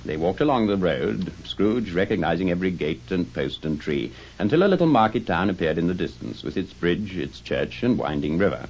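A man narrating a classic tale in an expressive, dramatic reading style. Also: sits low, a little fast, few pauses, husky. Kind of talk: scripted storybook narration. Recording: dull lo-fi recording with faint music.

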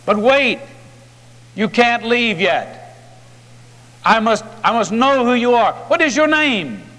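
A man's voice: on the high side, slow, fairly bright tone, big-room sound. A man voicing a desperate, guilt-ridden man who pleads with intensity. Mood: urgent.

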